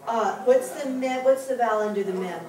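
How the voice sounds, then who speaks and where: A woman's voice: on the high side, fairly quick, crowd noise. A woman teaching a Hebrew class, explaining rules in an encouraging, chatty way. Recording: echoey room, mic far off, class around.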